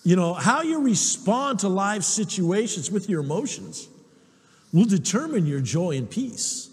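A man preaching a sermon, telling personal stories in an animated way and chuckling often. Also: high voice, a little slow, husky, big-room sound. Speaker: pastor.

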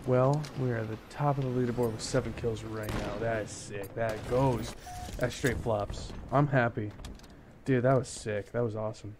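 A young man casually commenting on his own shooter gameplay in a goofy, rambling way, breaking into excited yelps. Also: mid-range voice, moderate pace, noisy background. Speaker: gameplay streamer.

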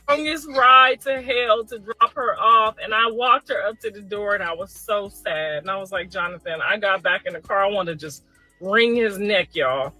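A middle-aged woman casually telling a family story, chatty and animated, talking straight to her listeners. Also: a little high, moderate pace, no echo, soft background music, poor audio.

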